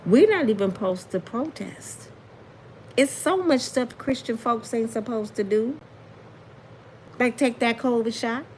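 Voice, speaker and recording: A woman's voice: on the high side, a little slow, long pauses, a little hiss or hum. A woman giving a casual, indignant commentary monologue, full of rhetorical questions and plain colloquial talk. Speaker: commentary vlogger.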